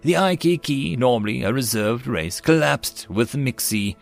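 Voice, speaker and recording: A man narrating a web novel audiobook in an animated storytelling manner. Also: medium pitch, a little slow, creaky, few pauses, faint music behind.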